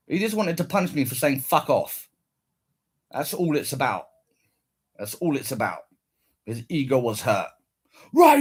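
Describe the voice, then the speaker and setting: A man's voice: mid-range voice, slightly rough. A man angrily recounting a run-in with police, swearing constantly and repeating himself. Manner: swearing, bitter, repetitive. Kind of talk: angry personal rant.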